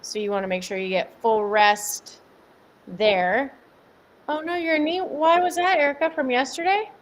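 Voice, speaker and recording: A woman's voice: sits high, measured pace. A young woman fitness coach on a home live stream. She explains a workout in an upbeat, chatty way, answers viewers by name and laughs often. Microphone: camera mic at home.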